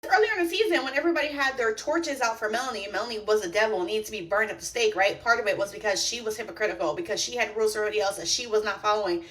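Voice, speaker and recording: A young woman giving a blunt, profane, animated rant reacting to a reality TV show. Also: mid-range voice, rapid-fire, few pauses, distant mic. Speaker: reality TV commentator.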